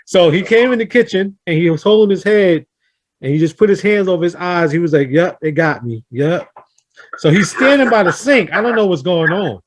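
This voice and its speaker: A man's voice: sits high, fairly quick. A man hosting a round table talk, earnestly telling a family story and acting out the quotes. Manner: earnest, animated storyteller who acts out quotes. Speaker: host of a round table discussion. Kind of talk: casual storytelling in a group talk.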